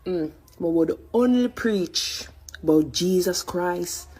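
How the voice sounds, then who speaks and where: A woman reading scripture aloud in a deliberate, careful manner. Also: on the low side, a little mellow, husky, rough recording. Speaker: reader.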